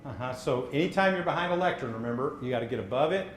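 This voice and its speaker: Brisk coaching man in an echoey room. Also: medium pitch, animated. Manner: brisk, encouraging, gives direct feedback. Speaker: public speaking coach. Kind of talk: live workshop coaching. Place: seminar room. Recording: echoey room, faint background noise.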